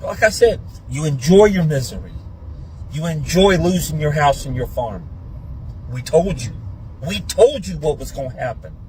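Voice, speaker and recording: A man's voice: a little high, lively intonation, normal speed, a little mellow, a little hiss or hum, rough recording. A man ranting in a scornful, dismissive tone. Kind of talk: social media rant.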